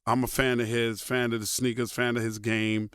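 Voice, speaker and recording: A man, a radio personality telling stories as a guest in a casual interview, animated and swearing freely. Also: mid-range voice, moderate pace, clean tone, no room sound, clean studio sound. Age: 50s. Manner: profane, animated storyteller who voices others in quotes.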